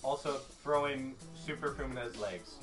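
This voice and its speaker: A man talking casually while playing a video game, full of "like" fillers. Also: mid-range voice. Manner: filler-heavy, says "like" often. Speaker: let's play commentator. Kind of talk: casual gameplay chat, reading game dialogue aloud.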